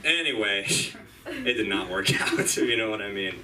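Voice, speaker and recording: Thirties male comic, wry deadpan stories, bright edgy voice, distant room mic with faint hum. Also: lowish voice, moderate pace. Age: 30s. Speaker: stand-up comedian. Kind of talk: stand-up set at an open mic.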